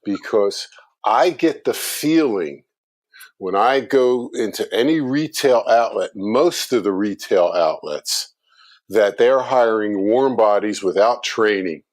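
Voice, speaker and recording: A middle-aged man, a guest on a business talk show, telling a story in conversation with animated delivery. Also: lowish voice, slow pace. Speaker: guest speaker on customer experience.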